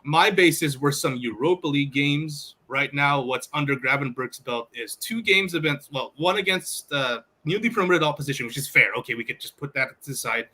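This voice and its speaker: A man on a casual sports podcast talks in an excitable, rambling way, full of fillers and restarts. His voice is bright and sits a little high. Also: normal speed, hardly any pauses. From outside the US. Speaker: podcast co-host.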